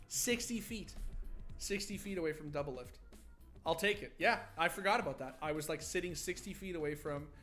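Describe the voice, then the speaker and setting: A man's voice: fairly high pitch, a bit bright. A man hosting a livestream watch party, talking casually to his chat in a rambling, freely swearing way.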